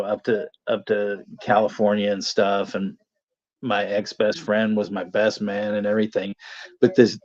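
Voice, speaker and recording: A man's voice: lowish voice, a little mellow, no echo. Laughing, swearing man telling stories. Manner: laughs through his anecdotes, swears freely. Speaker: watch party host. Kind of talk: casual storytelling chat. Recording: dull lo-fi dry sound.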